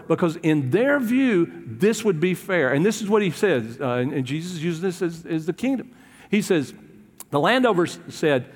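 Chatty preacher in a reverberant hall. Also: male voice, a little high. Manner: conversational storytelling with hesitations and acted quotes. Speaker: pastor. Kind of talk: sermon.

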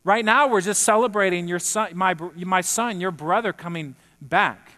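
Sermon retelling: man playing an earnest, entreating father, raised pitch, big hall echo. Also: moderate pace, bright, forceful tone. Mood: pleading. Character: pleading, gentle father of two grown sons. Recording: long reverb in a hall.

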